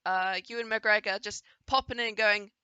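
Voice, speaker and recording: A woman's voice: medium pitch, fairly even intonation, normal speed, pushed and bright, clean tone, no echo, lo-fi sound. A woman giving casual, enthusiastic commentary over a game trailer, now and then playfully voicing the characters she sees. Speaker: gaming video creator reacting to a trailer.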